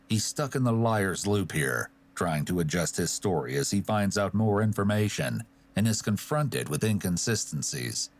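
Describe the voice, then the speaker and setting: A man narrating a true crime documentary, giving pointed, analytical commentary. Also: on the low side.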